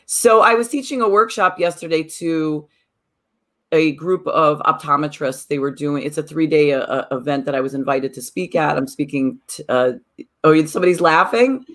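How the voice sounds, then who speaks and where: A woman's voice: sits low, moderate pace, a bit bright. A woman co-hosting a podcast and teacher of mindfulness workshops, telling a story in casual chat and acting out the people she quotes.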